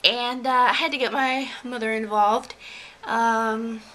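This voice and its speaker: A woman's voice: fairly high pitch, fairly even intonation, takes it slowly, fairly bright tone, a little hiss or hum, poor audio. A young woman from Georgia chatting casually in a vlog, rambling with lots of fillers and little laughs. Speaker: beauty vlogger. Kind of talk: casual tag video chat.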